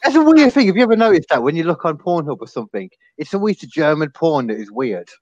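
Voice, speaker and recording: A man's voice: a little high, sing-song, fast talker, a little mellow, no room sound, dull audio. Self-mocking male podcast guest. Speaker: podcast co-host. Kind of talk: casual chat.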